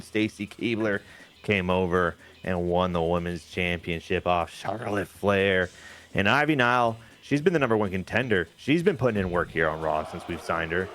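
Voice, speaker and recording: A man giving animated, jokey play-by-play of a wrestling video game, telling the story of each match with quick asides. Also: lowish voice. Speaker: game commentator.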